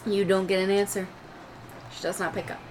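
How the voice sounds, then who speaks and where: A woman's voice: medium pitch, level tone, a little fast, darkish tone, slight background noise, rough recording. A woman game master narrating a tabletop game dramatically, swearing casually.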